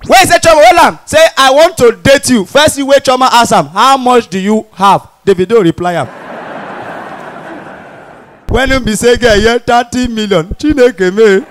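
A high-pitched young man doing stand-up with a Nigerian Pidgin accent. He performs with animated energy and jumps in and out of characters. It sounds like a handheld mic on a comedy stage. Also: normal speed, slight background noise. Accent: Nigerian Pidgin English. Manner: animated, mimics characters, shifts between Pidgin and Yoruba. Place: stage in front of a live audience.

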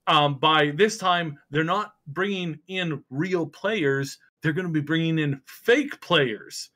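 Man, podcast host, bright tone, hesitant, rambling casual chat. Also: fairly high pitch, slow. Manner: rambling, hesitant, many fillers and restarts.

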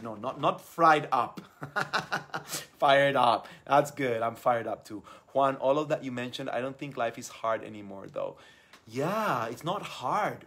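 A young adult man hosting a live stream, reading out viewer comments and talking with effusive, enthusiastic warmth. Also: mid-range voice. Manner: enthusiastic, effusive, repeats words. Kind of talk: casual live stream talk.

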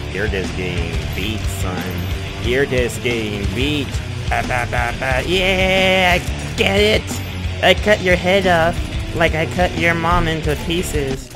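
A young man doing rambling, jokey gameplay commentary with sudden excited outbursts, game music behind. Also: fairly high pitch. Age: young adult. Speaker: gaming YouTuber. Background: game music and sound effects.

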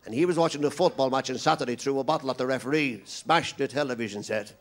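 A man's voice: medium pitch, quick pace, slight background noise. An Irish man doing stand-up comedy, telling long jokes and voicing every character in them himself. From Ireland. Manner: rambling joke teller, playing all the characters himself.

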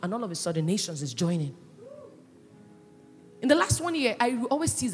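A woman pastor preaching a sermon with passion, swinging between loud cries and hushed asides. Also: medium pitch. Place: church hall. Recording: echoey church hall, with faint music.

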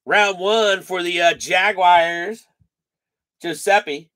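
A man's voice: high voice, slow pace, pushed and bright. A man hosting a live card break stream, chatting casually, reading off names and teasing his viewers.

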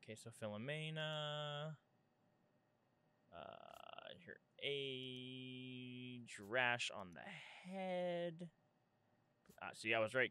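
A woman's voice: very deep voice, fairly bright tone, smooth. A young adult woman streaming a horror game, jokey and jumpy, swearing as she plays. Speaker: gaming streamer. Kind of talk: casual horror game commentary.

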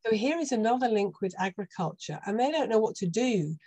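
A middle-aged British woman, a doctor, explaining health topics as a podcast guest in a steady, informative way with touches of dry sarcasm. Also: mid-range voice, brisk, slightly rough. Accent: British English. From United Kingdom. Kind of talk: podcast interview.

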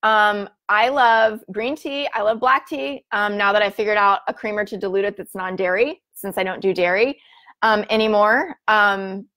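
A woman's voice: mid-range voice, moderate pace, sharp tone. Bubbly chatty woman host. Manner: bubbly, chatty, filler-heavy. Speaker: livestream host reading viewer comments. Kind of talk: casual live-stream chat.

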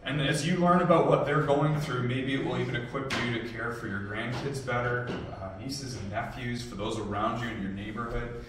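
A man's voice: mid-range voice, fairly even intonation, fairly quick, heavy background noise. A young man speaking as a youth pastor, giving an earnest, conversational church talk and a prayer, with frequent ums. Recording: echoey room, distant mic, faint ambience.

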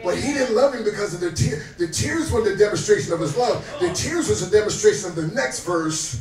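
A man in his fifties preaching a sermon as pastor, swinging between soft asides and shouted exhortations that call out to the congregation. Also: high-pitched, expressive, fairly quick. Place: restaurant dining room. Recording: roomy echo, distant mic, faint music.

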